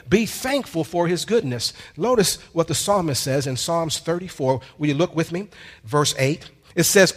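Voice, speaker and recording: A male pastor preaching a sermon with call-and-response, drawn-out emphatic lines and casual conversational asides. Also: fairly high pitch, animated.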